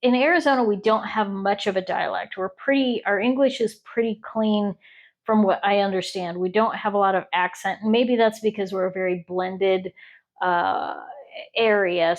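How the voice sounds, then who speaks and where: A woman's voice: mid-range voice, fairly even intonation, muffled recording. A woman from Ohio chats casually while she crochets, rambling and stopping to count stitches. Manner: rambling and self-interrupting, pausing to count stitches. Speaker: crochet podcast host.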